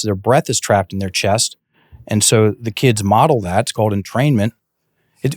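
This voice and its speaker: A man as a podcast guest, telling a coaching story in a casual, animated way, often restarting sentences and acting out dialogue. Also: lowish voice, no echo, studio quality. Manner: animated, many restarts, acts out quoted dialogue. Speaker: guest, breathwork and mindset coach.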